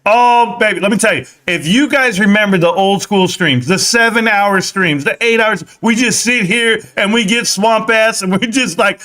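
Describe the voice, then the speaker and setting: Excitable high-voiced male stream host. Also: moderate pace, hardly any pauses. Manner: excitable, rambling storyteller who swears freely. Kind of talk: casual live-stream chat.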